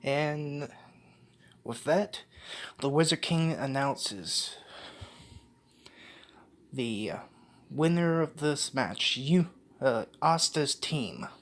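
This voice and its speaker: Guy slowly telling his fan story, keeps stopping n fixing his words, casual and slangy. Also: on the high side, lively intonation, a bit bright. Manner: halting, many restarts and self-corrections. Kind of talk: unscripted story retelling.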